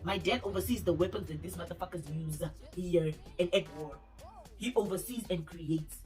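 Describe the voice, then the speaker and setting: A woman's voice: fairly low pitch, normal speed. A young woman vlogger telling a casual story, talking in slang and acting out what other people said. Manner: animated, slangy storytelling that acts out quoted dialogue. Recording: distant mic with faint background music.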